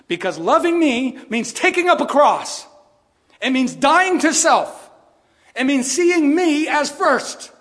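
High-voiced impassioned male preacher. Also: sing-song, slow pace, a bit bright, big-room sound. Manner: impassioned preaching with rhetorical questions, mimicking voices. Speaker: pastor. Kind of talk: sermon.

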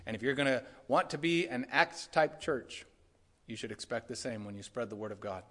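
Middle-aged male pastor, sermon delivery, bright tone, earnest and emphatic. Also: mid-range voice, expressive, brisk. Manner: earnest, repeats words, rising to emphatic peaks.

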